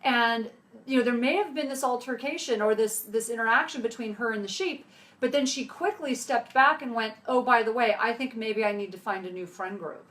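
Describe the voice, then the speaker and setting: A woman's voice: a little high, a little fast, fairly bright tone. A middle-aged woman giving a casual motivational talk, telling a family story in a chatty way full of fillers. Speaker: health speaker.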